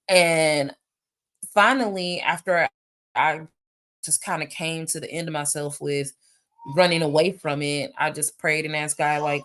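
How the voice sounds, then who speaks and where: Woman, 30s, low-pitched, animated, casual live-stream Q&A host. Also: moderate pace. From United States. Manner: animated, chatty, reads questions aloud, addresses viewers as y'all. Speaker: host answering viewer questions. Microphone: phone or webcam for a live stream.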